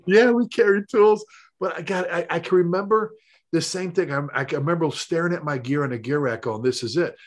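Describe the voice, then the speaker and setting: A middle-aged man, a firefighter and paramedic, telling rambling, animated stories in casual conversation. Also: fairly high pitch, fairly quick. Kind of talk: conversational storytelling.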